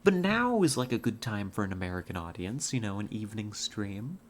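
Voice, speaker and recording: A woman's voice: extremely low pitch, big pitch swings, fairly quick, a little hiss or hum. A woman streamer chatting casually with her chat while playing a hunting game, rambling with many fillers and restarts.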